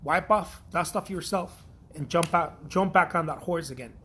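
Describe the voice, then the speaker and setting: A man's voice: on the high side, moderate pace, sharp tone, a little hiss or hum. A man from Mexico, an artist giving a blunt, profane, repetitive pep talk in a casual vlog.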